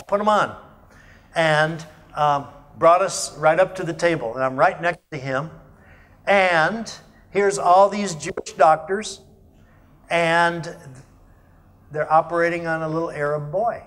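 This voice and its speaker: A man giving a talk at a networking meeting, telling a personal story in an animated way and acting out what other people said. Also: on the high side. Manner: animated anecdotal storytelling, quotes others in voices. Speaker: guest speaker. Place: meeting room at a business networking breakfast.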